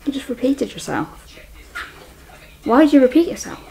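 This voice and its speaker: Young woman vlogger with a high voice, chatty and self-mocking, giggly. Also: very animated, moderate pace, vocal fry, warm tone, soft background music. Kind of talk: casual vlog chat. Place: bedroom.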